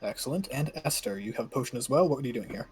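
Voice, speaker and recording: A man running a tabletop game as game master, briskly reading out rules, his voice starting to give out. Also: mid-range voice, lively intonation, faint music behind. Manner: brisk, reads rules aloud. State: voice giving out.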